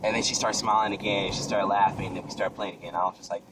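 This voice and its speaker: A man's voice: fairly low pitch, fairly even intonation, quick pace. A young man nervously telling a story about being scared at night, in casual chat, recorded outdoors. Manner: nervous, rambling, easily scared. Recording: distant mic with heavy wind noise.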